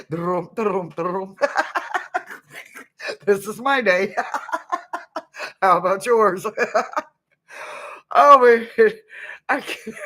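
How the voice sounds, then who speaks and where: A man's voice: high-pitched, drawn-out words, long pauses, sharp tone. A man tarot reader on a live stream, laughing almost nonstop and exclaiming giddily while unboxing a deck.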